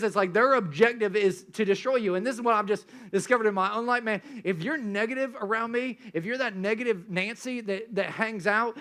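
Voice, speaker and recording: High bright-voiced joking preacher. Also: male voice. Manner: casual, joking storytelling with many restarts. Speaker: pastor. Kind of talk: sermon.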